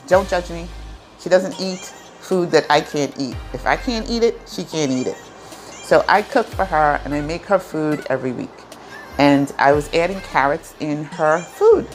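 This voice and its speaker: A woman with a low-pitched voice tells a personal story to her viewers in a chatty, animated way. She keeps tossing in asides. Soft music plays faintly underneath. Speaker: vlogger. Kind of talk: casual storytelling to camera.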